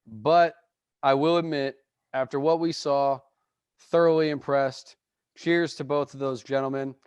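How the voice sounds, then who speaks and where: A man's voice: medium pitch, steady tone, measured pace, a little mellow, clean tone, no echo. A man co-hosting a podcast, giving emphatic, opinionated sports takes in casual chat. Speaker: podcast co-host.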